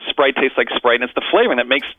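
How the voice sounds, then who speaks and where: A man's voice: medium pitch, animated, quick pace, no echo. A man, a guest author, explaining his ideas in a conversational interview and building his points with rhetorical questions. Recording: tinny phone-line audio.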